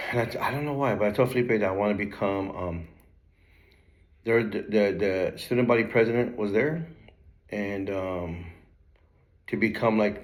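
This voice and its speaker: A young man with a slightly low voice tells his life story in a relaxed, casual way. His speech is loose and full of slang and casual cursing, like he's talking to a friend. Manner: laid-back street slang, swears a lot, breaks into laughter. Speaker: channel host telling his life story.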